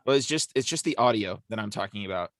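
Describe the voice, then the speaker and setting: A man's voice: on the low side, animated, fast, fairly bright tone, no room sound, studio quality. A man co-hosting a casual discussion podcast, explaining at length with lots of fillers. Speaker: podcast co-host.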